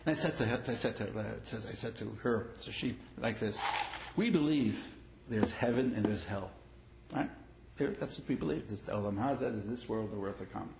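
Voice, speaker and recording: A gravelly-voiced rabbi lectures to an audience in an echoey hall, the recording dull and lo-fi with a faint hiss. He repeats his phrases and presses his points harder as his stories build. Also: on the low side, moderate pace. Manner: grows animated and emphatic in stories, repeats phrases. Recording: echoey room, dull lo-fi sound, faint noise.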